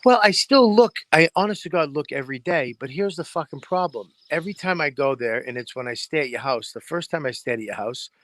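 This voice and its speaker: A man co-hosting a podcast in casual chat, a profane, animated storyteller who acts out noises. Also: fairly high pitch, brisk, few pauses, a little hiss or hum. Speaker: podcast co-host. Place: home in New Hampshire, crickets behind.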